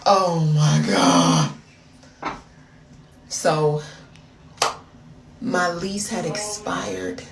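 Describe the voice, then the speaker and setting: A woman's voice: low-pitched, sing-song, drawn-out words, pauses often, reverberant, recorded from a distance, noisy background. An American woman telling a dramatic, gossipy story straight to her viewers in a casual storytime vlog. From United States. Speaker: storyteller vlogger.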